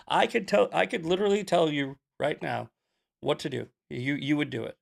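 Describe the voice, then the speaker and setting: Male host, young adult, gravelly and a touch high, blunt sarcastic chat. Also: fairly quick. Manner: blunt, sarcastic, animated storytelling. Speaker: podcast host. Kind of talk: casual commentary, reading questions.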